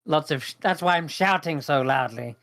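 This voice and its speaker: A man voicing a gruff, hard-of-hearing goblin stage manager who shouts. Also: fairly high pitch, normal speed. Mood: brusque. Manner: loud, brusque, then humbled.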